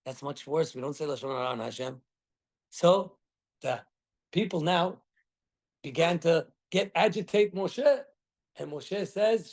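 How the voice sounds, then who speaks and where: Rabbi telling a Torah story. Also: male voice, high-pitched, normal speed. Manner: animated storytelling with acted quotes. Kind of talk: Torah class.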